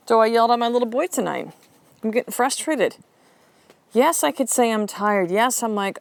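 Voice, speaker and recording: A woman's voice: on the high side, lively intonation, normal speed, vocal fry, dry recording. Blunt, profane woman podcast host. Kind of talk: motivational podcast monologue.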